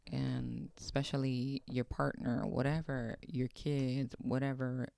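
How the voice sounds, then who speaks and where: A man's voice: medium pitch, creaky, clean tone, no echo, studio quality. A man hosting a podcast, giving casual, blunt motivational talk, swearing and repeating himself for emphasis. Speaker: podcast host.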